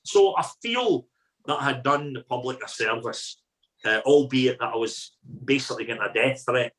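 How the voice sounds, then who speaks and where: A middle-aged Scottish man, a podcast guest telling colloquial, lively stories as a food critic. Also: medium pitch, moderate pace, low-quality recording. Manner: colloquial, animated raconteur. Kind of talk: anecdotal storytelling.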